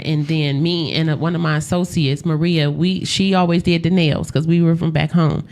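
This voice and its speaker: A woman with a low voice tells stories on a radio talk show. She is animated and acts out the lines of the people in them, laughing along as she goes. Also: moderate pace, hardly any pauses. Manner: animated storyteller, acts out quotes, laughs often. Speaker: makeup artist for funerals.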